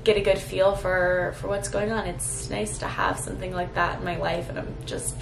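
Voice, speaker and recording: A woman's voice: fairly low pitch, level tone, moderate pace, creaky, roomy sound, noisy background. A woman in her twenties talking to the camera in a sentimental, rambling vlog, close to tears and full of fillers. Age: 20s. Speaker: vlogger.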